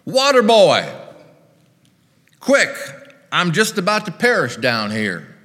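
A demanding old Southern rich man hollers for his water boy, as a preacher puts him on mid-sermon. The voice jumps up high and loud, bossy and pleading in turns. It rings out in a long, echoing hall reverb. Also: wildly swooping pitch, takes it slowly, heavily acted.

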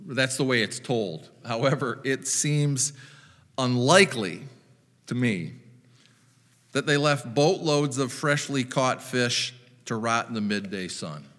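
Slow-spoken bright-voiced preacher with wry humor. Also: male voice, medium pitch, expressive, in a large hall. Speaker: pastor. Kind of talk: sermon.

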